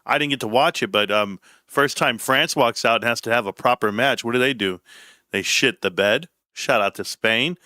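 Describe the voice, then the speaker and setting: A man's voice: medium pitch, moderate pace, sharp tone, dry recording, clean studio sound. A man hosting a casual livestream, rambling and joking irreverently as he talks. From United States. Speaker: livestream host. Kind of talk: casual stream commentary.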